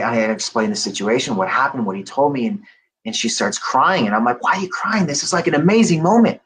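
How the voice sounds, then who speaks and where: A man's voice: medium pitch, low-quality recording. A middle-aged man guest telling an earnest personal story, acting out the lines of the people in it. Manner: earnest and animated, acts out dialogue. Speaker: podcast guest. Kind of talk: storytelling testimony.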